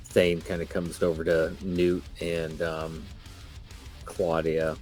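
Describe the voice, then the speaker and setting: A man's voice: low voice, little pitch movement, takes it slowly, darkish tone, soft background music. A man playing a tabletop game, narrating his character's actions. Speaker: player. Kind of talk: casual tabletop play.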